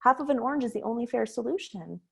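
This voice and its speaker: A woman's voice: fairly high pitch, lively intonation, quick pace, gravelly, breathy edge, voice pushed up, exaggerated voice. A woman voicing an exasperated mother of two teenagers who scolds and questions them. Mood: puzzled.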